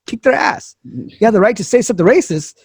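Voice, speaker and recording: A man's voice: high-pitched, very animated, a little fast, gravelly, husky, dry recording, clean studio sound. A man co-hosting a casual political talk show, arguing his points and laughing between them. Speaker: podcast co-host.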